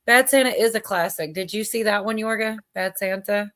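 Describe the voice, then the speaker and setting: A woman's voice: mid-range voice, steady tone, normal speed, a bit bright. A woman hosting a casual livestream chat, rambling with lots of fillers and frequent laughter. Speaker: livestream host.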